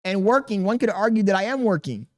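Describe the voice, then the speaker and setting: A man's voice: high voice, animated, fast. A man in his thirties, a streamer reading chat aloud and venting in an exasperated, defensive way with casual slang.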